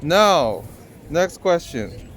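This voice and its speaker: A man running a casual street interview outdoors, firing off quick, joking questions. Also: a little high, very animated, fairly bright tone, a little hiss or hum.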